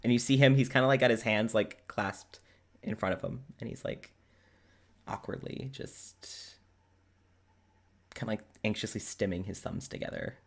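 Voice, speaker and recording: A man's voice: lowish voice, normal speed, pauses often. Male game master, chatty, filler-heavy streamer. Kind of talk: narrating a tabletop game.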